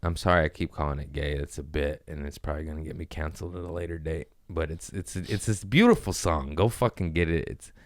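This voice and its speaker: A man with a very deep voice hosts a comedy podcast, talking fast with hardly any pauses and staying close to the mic. His storytelling is laid-back, slangy, and profane, and the recording has no echo.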